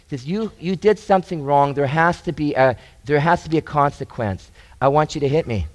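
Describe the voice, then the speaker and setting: A man's voice: fairly high pitch, a little fast. A male pastor preaching a sermon in an earnest way, often repeating and restarting phrases and rising for emphasis.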